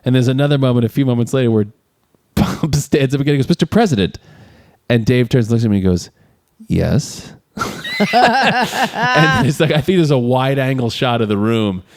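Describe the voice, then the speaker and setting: A man's voice: mid-range voice, lively intonation, a little fast, no echo. A man co-hosting a podcast, casually retelling film scenes and acting out the lines with frequent laughs. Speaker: podcast co-host. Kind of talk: casual movie recap chat.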